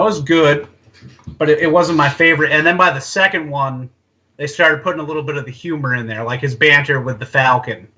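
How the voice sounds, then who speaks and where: A man's voice: fairly high pitch, pushed and bright, muffled recording. A man co-hosting a casual podcast chat, sharing rambling, thoughtful opinions. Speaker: podcast co-host.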